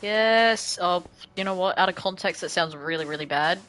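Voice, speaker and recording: A woman's voice: fairly low pitch, steady tone, fairly quick, a bit bright. An Australian woman chatting casually on a live stream while building a game map, giggly and full of "like" fillers.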